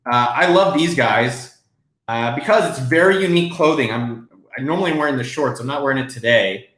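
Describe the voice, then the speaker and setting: A man hosting a live Q&A stream from his desk, talking casually and excitably, with some swearing. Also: mid-range voice, fairly quick, roomy sound. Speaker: host.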